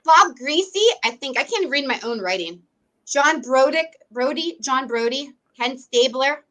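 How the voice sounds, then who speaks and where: A woman's voice: high-pitched, lively intonation, unhurried, bright, forceful tone. A woman hosting a podcast, chatting casually and bubbly, laughing often. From Ohio, USA. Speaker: podcast host. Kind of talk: casual chat.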